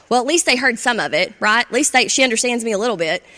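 A woman with a fairly high voice gives an instructional talk on parenting to adults. She talks conversationally and often checks in with her listeners. The sound carries a long reverb, like a big hall. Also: expressive, fast, sharp tone. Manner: conversational, checks in with "right?" and "okay?".

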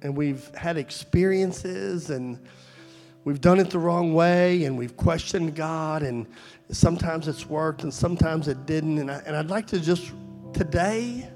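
Gravelly-voiced man preaching a sermon. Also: on the high side, unhurried, a little mellow, soft background music. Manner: storytelling, growing fervent and pleading. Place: church service.

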